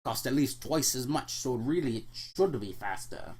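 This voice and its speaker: A man's voice: medium pitch, expressive, normal speed, a little mellow, slightly rough. A man voicing a boastful boy showing off an expensive bike in a comic storybook reading. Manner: bragging.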